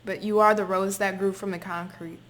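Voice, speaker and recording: A woman's voice: mid-range voice, level tone, moderate pace, fairly bright tone. A woman giving a spoken tarot reading to her viewers, talking emphatically, repeating herself and swearing freely. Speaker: tarot reader.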